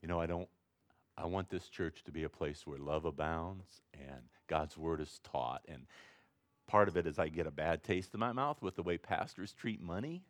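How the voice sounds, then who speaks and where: Male pastor, lowish voice, dry close sound, chatty rambling sermon. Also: moderate pace, dry recording. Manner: conversational, rambling, rising to excited emphasis. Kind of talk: informal sermon.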